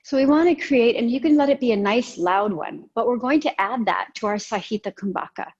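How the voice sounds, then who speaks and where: Gentle, husky-voiced woman yoga teacher. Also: on the high side, highs cut off. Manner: calm, gentle cueing with soft pauses. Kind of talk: guided yoga and breathing instruction.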